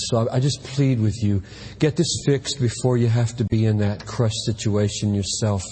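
A man preaching a sermon from the pulpit with impassioned delivery, at times rising to shouts. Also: on the low side, steady tone, moderate pace, few pauses, breathy edge, in a large hall. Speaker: pastor. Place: church sanctuary.

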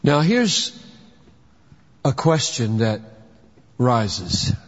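A man's voice: mid-range voice, sing-song, very slow. A man preaching a sermon, emphatic, posing rhetorical questions and then answering them. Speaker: pastor. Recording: dull lo-fi recording with long hall reverb.

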